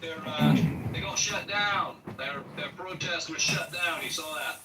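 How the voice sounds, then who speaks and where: A man's voice: a little high, unhurried, far from the mic. A man hosting a stream, mocking and provoking guests in crude banter. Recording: echoey remote audio with noise.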